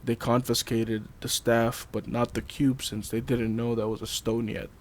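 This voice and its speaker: A man's voice: medium pitch, level tone, moderate pace, darkish tone, a little hiss or hum. A man co-hosting a casual film discussion, rambling with frequent ums and laughing often. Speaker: podcast co-host.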